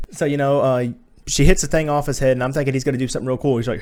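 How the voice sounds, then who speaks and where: A man's voice: medium pitch, steady tone, very fast, darkish tone. A man giving a casual spoken movie review, blunt and profane, slipping into exasperated rants.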